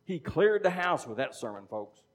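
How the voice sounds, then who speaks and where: Conversational man preaching with a lively delivery. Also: fairly high pitch, normal speed. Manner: conversational teaching, frequent "okay?" check-ins. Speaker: pastor. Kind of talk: sermon.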